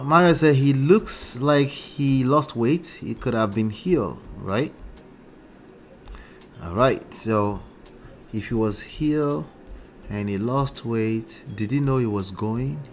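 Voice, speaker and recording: A man's voice: fairly low pitch, a little hiss or hum. A man with a mixed Nigerian and New Jersey accent, hosting casual commentary in a chatty way, often checking in with "right?". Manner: chatty, frequent rhetorical "right?" and asides. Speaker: relationship talk host.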